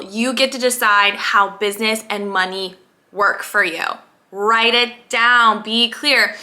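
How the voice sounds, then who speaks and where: Young woman life coach, upbeat motivational talk, keeps repeating words for punch, kinda high bright voice. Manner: energetic, emphatic, repeats phrases for stress.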